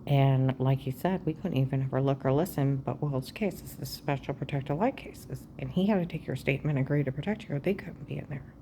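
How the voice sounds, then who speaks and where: A woman talking straight at the camera in a rambling personal monologue, agitated and aggrieved, jumping from claim to claim and often dropping to a hushed, half-whispered voice. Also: a bass voice, brisk, few pauses, a little hiss or hum. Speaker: vlogger.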